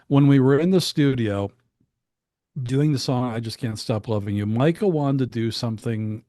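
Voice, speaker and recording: A man at a medium pitch tells studio anecdotes in an easygoing, rambling way. He often restarts his sentences and adds asides. The recording is dry and close, with no room sound. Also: normal speed, dark tone, dry recording. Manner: chatty, with frequent restarts and asides. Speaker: guest recalling studio work. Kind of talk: casual anecdotal storytelling.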